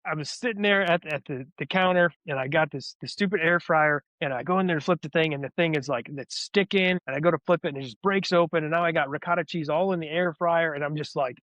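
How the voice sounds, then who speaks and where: A man's voice: a little high, quick pace, few pauses, fairly bright tone, no echo. A man telling a candid personal story in an interview, rambling and restarting his words as he goes. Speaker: guest, former soldier turned wellness advocate. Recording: dull lo-fi audio.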